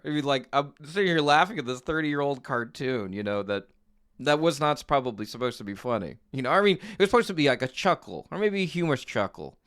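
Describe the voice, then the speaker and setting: A man's voice: medium pitch, expressive, fast, a bit bright, clean tone. A man co-hosting a podcast, chatting casually about an old cartoon in a rambling way and laughing often. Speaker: podcast co-host. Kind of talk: casual chat reviewing a cartoon.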